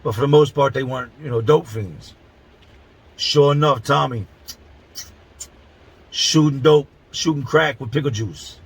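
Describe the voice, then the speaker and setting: A man's voice: medium pitch, unhurried, vocal fry, long pauses, breathy edge, low-quality recording. A middle-aged man from Philadelphia telling a prison story in blunt, profane street talk, stretching words for emphasis. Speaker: channel host telling prison stories. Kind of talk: casual storytelling to camera.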